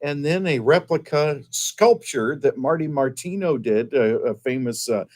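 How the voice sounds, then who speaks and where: A man's voice: mid-range voice, lively intonation, unhurried, a little mellow. A man being interviewed as a guest, describing his museum in an upbeat, promotional way. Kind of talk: interview answers.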